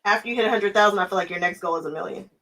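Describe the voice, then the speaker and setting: A woman's voice: medium pitch, rapid-fire, a bit bright, low-quality recording. A young woman hosting her quilting channel, chatting casually with viewers while she works, often laughing and answering them by name. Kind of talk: casual chat while crafting.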